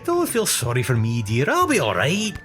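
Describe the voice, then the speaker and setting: A man's voice: mid-range voice, wildly swooping pitch, moderate pace, a bit bright, faint music behind. An actor voicing a polite, chuckling male goblin painter, in a video game. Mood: earnest. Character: cheerful self-employed male goblin painter.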